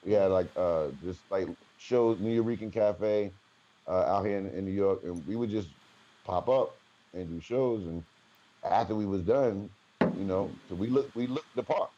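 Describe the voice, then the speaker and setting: Animated New Jersey man telling stories. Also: on the low side, moderate pace, lo-fi sound, slight background noise. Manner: animated storyteller, slangy, acts out quotes. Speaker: guest rapper. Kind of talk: casual storytelling interview.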